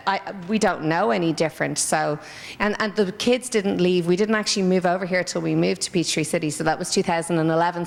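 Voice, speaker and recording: A woman's voice: lowish voice, vocal fry. Chatty Irish woman, echoey hall. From Ireland. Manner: chatty, rambling anecdotes. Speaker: interviewee, former stage dancer. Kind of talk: casual interview.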